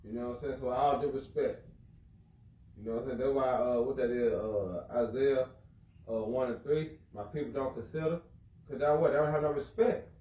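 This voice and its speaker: A man's voice: medium pitch, fairly quick, mellow, echoey room, far from the mic, low-quality recording. A man teaching in an informal religious lesson, casual, who keeps asking listeners if they follow him. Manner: casual, keeps asking "you know what I'm saying?".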